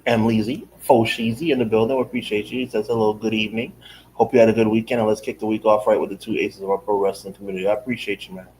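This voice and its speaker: A man co-hosting a wrestling podcast, chatting in a relaxed way and answering with short affirmations. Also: on the low side, rapid-fire, a little hiss or hum, rough recording. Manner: laid-back, short affirmations. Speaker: podcast co-host. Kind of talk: casual live-stream chat.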